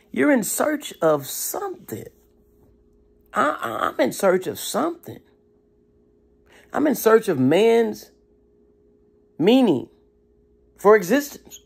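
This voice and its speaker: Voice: mid-range voice, big pitch swings, takes it slowly, vocal fry, pauses often, husky. A motivational speaker who talks in an emphatic, preachy way with casual slang. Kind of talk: motivational talk.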